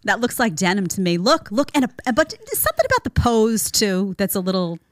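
A woman's voice: medium pitch, sing-song, a little fast. A woman hosting a reaction commentary show, talking emphatically and sarcastically, often calling people "honey" and asking her audience to agree. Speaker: show host.

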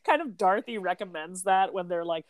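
A woman's voice: on the low side, expressive, brisk, no room sound. A woman in her thirties from the United States chatting on a podcast, telling a story with lots of laughs and casual swearing. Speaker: podcast co-host.

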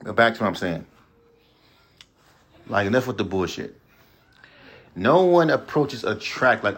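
A man's voice: medium pitch, big pitch swings, measured pace, pauses often. A man hosting a podcast alone, ranting bluntly with heavy profanity and repeating himself. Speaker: podcast host. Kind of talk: solo ranting monologue.

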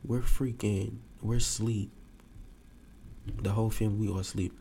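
A man telling a story to his podcast listeners in a casual, animated way. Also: lowish voice, moderate pace, vocal fry, pauses often, a little hiss or hum. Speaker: podcast host.

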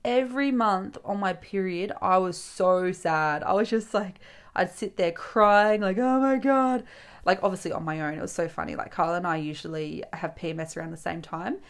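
A woman's voice: fairly low pitch, fairly even intonation, moderate pace. A young woman, hosting a casual solo podcast. She tells a personal story in a chatty way, swears freely and acts out her friends' lines. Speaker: podcast host.

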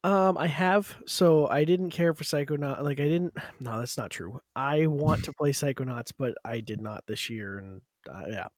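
A man's voice: medium pitch, moderate pace, hardly any pauses, dry recording. A man with a mid-range voice chats on a casual gaming podcast. He rambles and backtracks, correcting himself with a joking air. The recording is dry and close. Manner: rambling, self-correcting, jokey. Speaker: podcast co-host.

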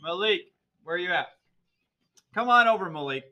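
Upbeat high-voiced male teacher. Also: expressive, normal speed, sharp tone. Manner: upbeat, coaxing, laughs often. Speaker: ESL teacher hosting a class show. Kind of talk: casual classroom podcast. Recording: noisy mic with clicks.

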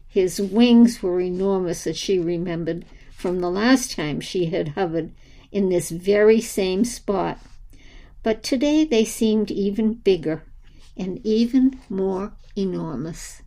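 Woman storyteller, children's story, slow, mellow, gentle reading. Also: mid-range voice, low-quality recording. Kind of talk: scripted narration of a children's story.

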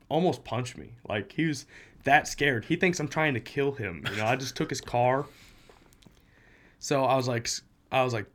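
A man's voice: medium pitch, fairly bright tone. A young man in casual chat, telling a story with laughs and acted-out quotes.

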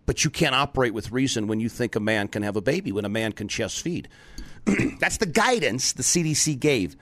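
A man hosting a political talk show, delivering a sarcastic, animated monologue that rises into emphatic outbursts. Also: mid-range voice, fairly quick, dry recording.

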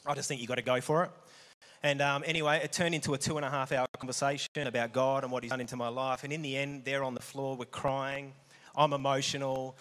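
A man's voice: mid-range voice, flat delivery, fast talker, a bit bright. A man giving an earnest, upfront testimony at church about his work as a salesperson. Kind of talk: telling a testimony. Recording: echoey hall.

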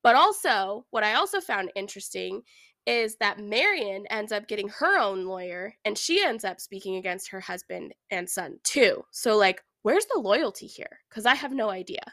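A woman's voice: medium pitch, animated, normal speed, fairly bright tone, no room sound. A woman co-hosting a true crime podcast, telling the story in a casual, chatty way with lots of fillers. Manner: chatty, many "like"s and "I don't know"s. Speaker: podcast co-host.

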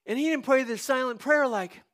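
Older man, pastor, sermon, dramatic, high, bright tone. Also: a little fast. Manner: dramatic, swings from hushed confession to loud shouting. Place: church.

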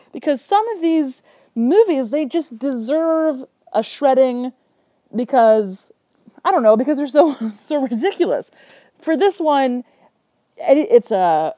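A woman podcast host recapping a movie in a sarcastic, animated way with joking asides. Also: medium pitch, no room sound, studio quality.

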